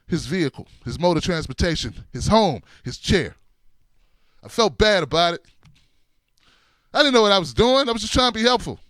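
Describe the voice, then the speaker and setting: A middle-aged man hosting his own show, telling a comic story in an animated way, laughing along and dropping to hushed asides. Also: a little high, no echo. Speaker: show host.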